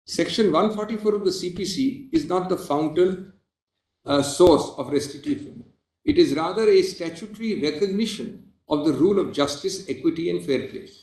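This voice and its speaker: A man with an Indian English accent, a senior advocate making a formal, emphatic legal argument in court, often pausing on "well, as". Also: on the high side, lively intonation, darkish tone. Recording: echoey courtroom audio.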